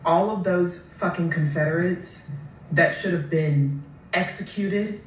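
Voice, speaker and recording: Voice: medium pitch, slow pace. A speaker giving a political commentary monologue, blunt and profane, building the argument step by step. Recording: distant mic in an echoey room with faint background noise.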